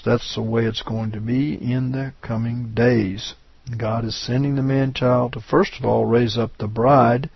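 Male preacher, slow and gravelly, reads scripture with rising emphasis; dull lo-fi recording. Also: medium pitch, dry recording. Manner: reads verses with rising emphasis, asks "right?". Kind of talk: scripture-reading sermon.

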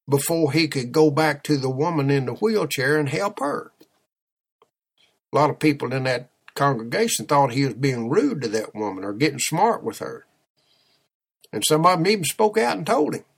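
Gravelly, husky preacher telling a story. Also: male voice, on the high side, expressive, moderate pace. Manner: storytelling, emphatic, exhorting. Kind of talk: sermon.

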